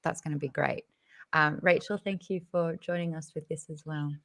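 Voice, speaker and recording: A woman hosts a casual book club chat. Her voice sits a little low, and she is upbeat and talkative, with plenty of giggles. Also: steady tone, moderate pace, creaky, a bit bright, a little hiss or hum. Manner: enthusiastic, chatty, giggly. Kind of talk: casual video interview hosting.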